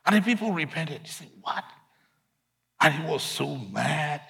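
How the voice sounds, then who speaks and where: A man preaching a sermon, emphatic, swinging between loud declarations and quiet asides. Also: a little high, lively intonation, normal speed, vocal fry.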